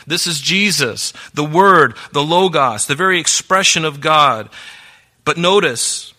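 Bright-voiced preacher man, earnest. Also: fairly high pitch, measured pace. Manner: earnest, swings between hushed and emphatic; reads scripture aloud and tells listeners to mark their Bibles. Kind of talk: sermon.

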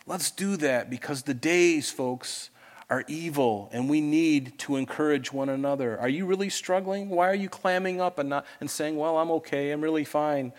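A man preaching a sermon to a congregation in church, earnest and pleading, swinging between loud urging and soft asides. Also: fairly high pitch, normal speed. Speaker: pastor.

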